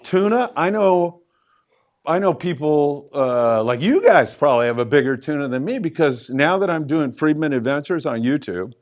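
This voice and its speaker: A middle-aged man hosting a fishing show, answering audience questions and telling anecdotes on a handheld mic at a live event. He talks loosely, with fillers, and his pitch jumps up for emphasis. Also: expressive, moderate pace. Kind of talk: live Q&A storytelling.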